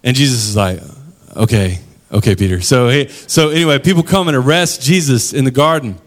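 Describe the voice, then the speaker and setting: A man's voice: mid-range voice, a little fast. Man preaching a casual, slangy sermon. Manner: casual, conversational storytelling with slangy asides. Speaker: pastor.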